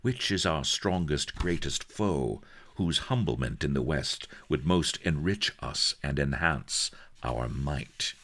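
A man voicing a sultry, cruel female pirate queen who speaks low and purring. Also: expressive, slow pace, a bit bright, heavily acted.

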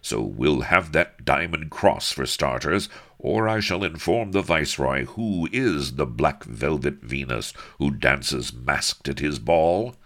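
A man's voice: a bass voice, expressive, slow pace, hardly any pauses, fairly bright tone, exaggerated voice. A man voicing a grim, cocky naval captain in disguise, speaking curtly and hard-edged, in a read-aloud story.

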